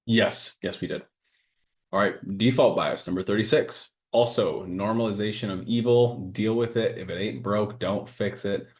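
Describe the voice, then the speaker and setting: A man co-hosting a casual podcast, talking earnestly and reading a list of sayings aloud in a steady way. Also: fairly low pitch, normal speed. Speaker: podcast co-host and coaching business owner.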